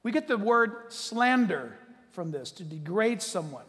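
High-pitched guy preaching in a church, jokey, loud then quiet, long reverb on it. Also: measured pace. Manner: animated and joking, swings from loud to hushed. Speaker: pastor. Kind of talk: sermon. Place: church hall.

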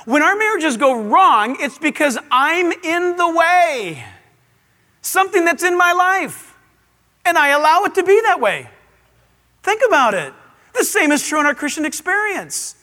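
A man preaching a sermon to a live audience in a large auditorium, animated, with playful asides. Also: very high voice, moderate pace, big-room sound. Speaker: pastor.

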